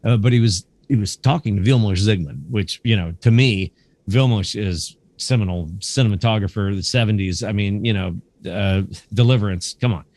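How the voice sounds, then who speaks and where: A man's voice: on the low side, moderate pace, a little mellow, no echo. A middle-aged man, a guest curator on a podcast, telling casual stories and acting out the dialogue with some swearing. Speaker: guest, camera museum curator. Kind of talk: conversational storytelling.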